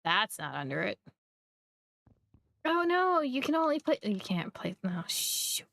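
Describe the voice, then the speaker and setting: A young woman from Missouri, chatting casually and rambling while she streams a game, quick to poke fun at herself. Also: medium pitch, big pitch swings, gravelly, fairly bright tone, slight background noise. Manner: rambling, chatty, self-deprecating. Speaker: livestreamer. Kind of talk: casual live gameplay chat.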